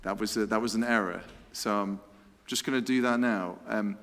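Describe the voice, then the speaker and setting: An excitable, chatty man, giving a lively church talk that includes a quiz. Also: lowish voice, moderate pace. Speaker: preacher. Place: church hall. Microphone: handheld microphone. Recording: reverberant hall sound.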